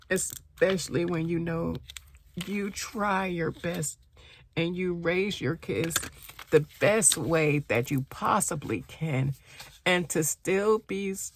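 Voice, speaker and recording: A mother telling a personal story in a casual vlog, upset and shaken, halting often and repeating herself. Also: on the low side, slight background noise.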